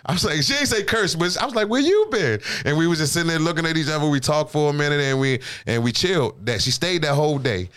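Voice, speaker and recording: A man's voice: a little high, animated, fast, few pauses, a bit bright, smooth. A man in his thirties, a podcast host, chatting casually and with a lot of swearing as he tells a rambling personal story. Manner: rambling storyteller, often asks "you know what I'm saying". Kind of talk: casual profane chat.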